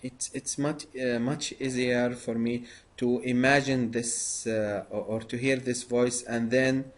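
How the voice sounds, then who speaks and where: Male interviewer, very slow and halting, lots of "uh". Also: mid-range voice, flat delivery. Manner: halting, many pauses and fillers. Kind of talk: conversational interview.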